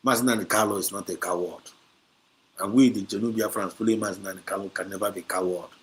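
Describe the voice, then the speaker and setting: A man's voice: on the low side, steady tone, fast. A man with a Nigerian accent hosting a heated livestream, combative and repetitive, switching between English, Pidgin and Igbo. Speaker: livestream host. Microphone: streaming setup.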